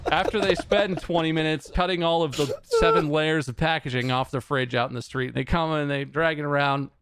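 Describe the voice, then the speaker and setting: A man's voice: on the high side, sing-song, brisk, fairly bright tone, clean tone, no room sound, studio quality. A man hosting a podcast, telling an exasperated, sarcastic story in casual chat, swearing freely and laughing along the way. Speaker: podcast host.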